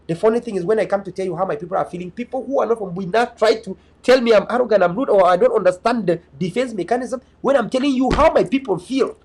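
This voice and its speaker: A man's voice: high-pitched, fast talker, hardly any pauses, darkish tone, slightly rough. A young man speaking as an activist and online media host, delivering a fervent, emphatic political monologue with repeated restarts. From Cameroon, North West (Bui).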